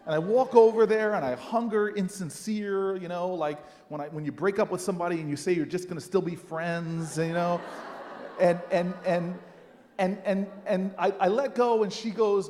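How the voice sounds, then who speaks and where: High-voiced man telling a story. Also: normal speed. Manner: animated, dramatic, self-mocking storytelling. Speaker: senator speaking at a rally. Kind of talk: personal storytelling speech. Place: large rally hall. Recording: long reverb from a large hall.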